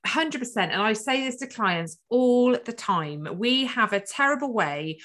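A woman hosting a conversational interview as a counselor. She talks in an animated, reassuring way, with many asides. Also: on the high side, unhurried, a little hiss or hum. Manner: animated, reassuring, acts out inner voices. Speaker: podcast host and counselor.

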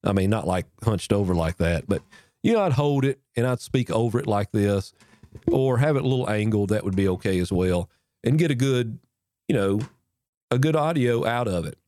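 An animated podcast host with a dark tone speaks at normal speed, casually teaching mic technique to camera on a boom-arm mic with a foam cover close to his face. His folksy delivery includes repeats and restarts as he demonstrates, and there's no echo.

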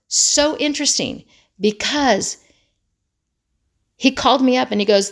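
A woman in her fifties talks straight to her listeners, sharing stories from her own family. Her middle-pitched voice has a gravelly edge, and she slips into the voices of the people she quotes. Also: normal speed. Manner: animated storytelling, acts out quoted voices. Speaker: self-help podcast host. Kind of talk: casual monologue.

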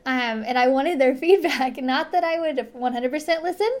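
A woman's voice: high-pitched, moderate pace. Chatty giggly woman podcaster. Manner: chatty, rambling, giggly, with many fillers and restarts. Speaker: podcast host. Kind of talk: casual solo podcast talk. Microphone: studio microphone.

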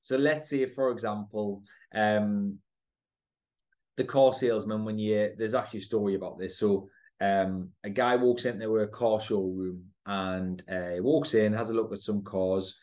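A man's voice: fairly low pitch, steady tone, unhurried, a little mellow, muffled recording. A man with a Geordie accent giving a confident, emphatic podcast talk on sales, often checking in with "right?" and "okay?". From North East England. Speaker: podcast host and sales trainer.

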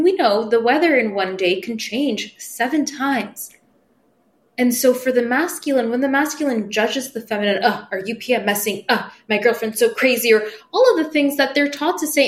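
Expressive higher-voiced woman, podcast guest. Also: brisk. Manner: expressive, acts out her inner dialogue, swears casually. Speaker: spiritual medium and guest. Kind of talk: casual podcast conversation.

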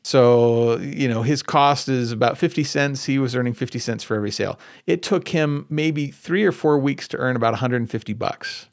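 Man, podcast host, casual rambling storytelling, self-correcting, gravelly voice, dry close sound. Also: medium pitch, moderate pace, few pauses, dry recording. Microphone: podcast microphone at computer.

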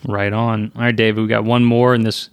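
A man's voice: lowish voice, little pitch movement, brisk, smooth, no echo. A man hosting a casual podcast chat, upbeat as he wraps up the episode with plugs for the show. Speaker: podcast host.

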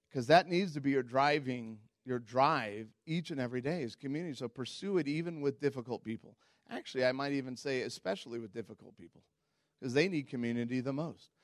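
A man preaching a sermon as pastor, telling stories in a candid, self-mocking way and jumping into high squeaky voices when quoting people. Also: dry recording, clean studio sound. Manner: animated storytelling, jumps into high squeaky voices for quotes.

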